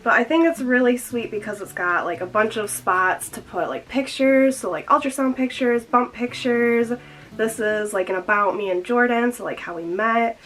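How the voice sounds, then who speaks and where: A woman's voice: on the high side, moderate pace, fairly bright tone, poor audio. A young woman chatting casually in a vlog, slightly out of breath, filling her talk with "like". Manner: chatty, fills with "like" constantly. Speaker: vlogger.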